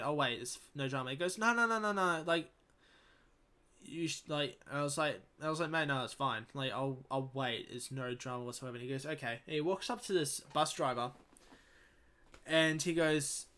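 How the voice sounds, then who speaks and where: A young Australian man tells a long story on his first podcast, rambling and swearing as he goes. His voice is bright and forward, and his pitch sits in a middle register. He acts out both sides of the conversations he quotes. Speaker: podcast host. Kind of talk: casual storytelling.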